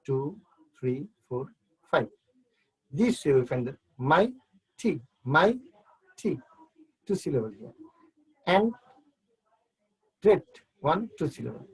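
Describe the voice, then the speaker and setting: Husky man teaching a class. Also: a little high, a little mellow, rough recording. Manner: explains step by step, repeats words while counting syllables. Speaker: English literature teacher. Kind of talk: online class lecture.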